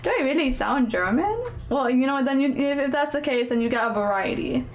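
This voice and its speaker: A woman's voice: high voice, lively intonation, brisk, a little hiss or hum. A woman streamer casually playing through a game, reading its lines aloud with playful, giggly asides and small stumbles. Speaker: VTuber streamer.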